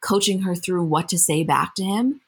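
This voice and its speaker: Woman, young adult, podcast co-host, husky voice, earnest casual chat. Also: lowish voice, normal speed. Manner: earnest, emphatic storyteller.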